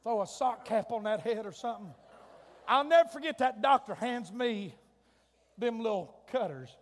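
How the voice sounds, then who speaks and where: High-voiced preacher, booming hall. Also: male voice, lively intonation. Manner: folksy, shouting peaks, drawn-out emphasis. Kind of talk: sermon with comic storytelling. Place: church sanctuary. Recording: long hall reverb.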